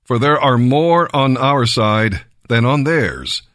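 A man voicing a calm, confident prophet in a Bible reading, speaking slowly and evenly. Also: medium pitch, no room sound, clean studio sound.

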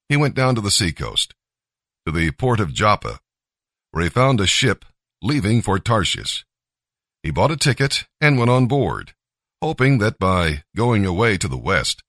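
A man narrating a scripture story in a measured, expressive reading. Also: on the low side, no echo, studio quality.

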